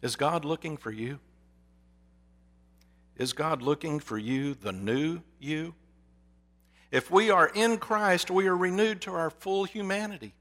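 A man's voice: a little high, measured pace, long pauses. Earnest man preaching a sermon. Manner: earnest, telling a story with hushed quoted whispers.

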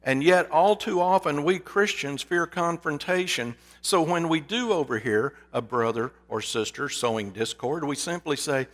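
A man's voice: a little high, moderate pace, few pauses. A man preaching a sermon in an earnest, storytelling manner. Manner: earnest, telling a story with hushed quoted whispers.

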